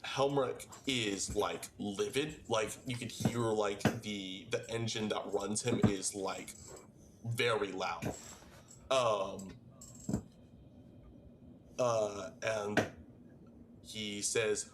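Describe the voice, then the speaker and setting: A man playing in a tabletop game, talking in a halting, emphatic way. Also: on the low side, fairly even intonation, very noisy. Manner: halting, lots of fillers and restarts, emphatic. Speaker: player. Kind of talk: casual tabletop game play.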